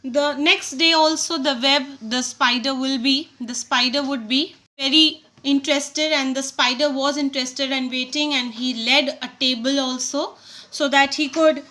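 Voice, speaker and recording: A woman teacher walks schoolchildren through a poem. Her voice sits high and sounds bright. She talks haltingly, full of fillers and restarts. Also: fairly even intonation.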